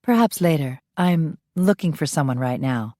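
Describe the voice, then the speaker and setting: A woman reads as a young female bodyguard, blunt and direct. Her voice sits low and the audiobook read is dry. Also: lively intonation, normal speed, a little mellow, no echo. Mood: plain.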